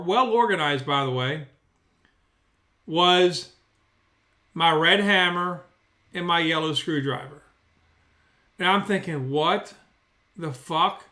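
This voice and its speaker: Sitting high with a sharp tone, this man's voice fills a loose, profane, wandering story told casually at home. He records from his bedroom on a studio mic as a storyteller vlogger.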